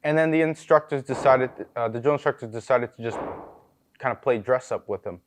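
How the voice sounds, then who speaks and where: A young man, a podcast guest, telling boot camp stories in relaxed casual chat, laughing often and swearing easily. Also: mid-range voice, brisk.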